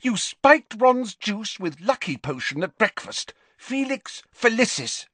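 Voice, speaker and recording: This is a shrill, earnest teenage girl pushing her point in an audiobook scene, voiced by a man. Her voice sits high above the reader's own and comes across dry and close. She rises and falls a lot as she scolds. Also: big pitch swings, slow, fairly bright tone, breathy edge, dry recording, full character voice. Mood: reproachful.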